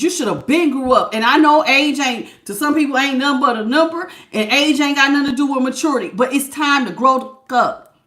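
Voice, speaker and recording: A woman's voice: high-pitched, pushed and bright, roomy sound. A woman giving a live tarot reading, scolding her listeners with blunt tough love in slangy casual talk and calling them baby. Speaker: tarot reader.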